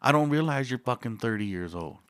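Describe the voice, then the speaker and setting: A man's voice: mid-range voice, animated, brisk, a bit bright, no room sound, clean studio sound. A stand-up comedian in his forties, a man talking loosely in a casual interview, swearing freely and laughing often.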